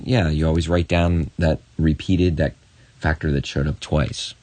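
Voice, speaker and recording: A man with a very low voice walks a student through a math lesson on video. He is encouraging and talks straight to the viewer with quick asides. The recording is close and dry. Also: steady tone, a little mellow, no room sound. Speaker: math teacher.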